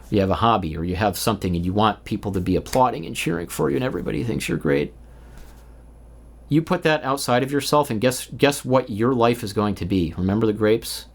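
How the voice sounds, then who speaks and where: Low-pitched with vocal fry, this vlogger in his 30s delivers an unscripted, meandering monologue alone indoors. He's frank and rambling, cursing often and leaning on filler.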